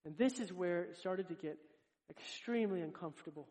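A man with a notably high voice delivers a sermon. He is earnest and direct, and he addresses his congregation as if talking with each of them. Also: brisk, darkish tone. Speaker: preacher.

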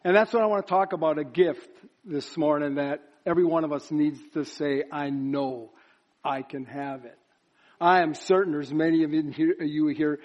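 A man preaching at a church service, his voice sitting somewhat high for a man. He works up to emphatic, chanted repetitions. The recording sounds dull and lo-fi. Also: a little fast, few pauses, darkish tone. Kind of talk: sermon.

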